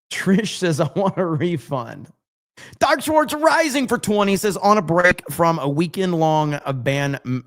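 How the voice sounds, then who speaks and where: Male streamer host, slightly higher voice, casual and crude, rambles while reading chat. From United States. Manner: loose, profane, rambling. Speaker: livestream host.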